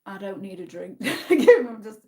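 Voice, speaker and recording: A woman's voice: medium pitch, very animated, a little slow, a little mellow. Chatty northern English woman hosting a livestream. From Yorkshire, England. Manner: chatty, reads viewer comments aloud and answers them. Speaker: livestream host. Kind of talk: casual livestream chat with a quiz.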